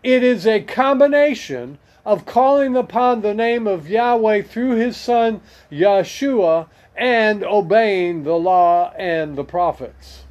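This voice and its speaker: Male preacher, higher voice, slow and measured, slightly dull lo-fi sound. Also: a little mellow. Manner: slow and deliberate, reading verses aloud with comments. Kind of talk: scripture teaching.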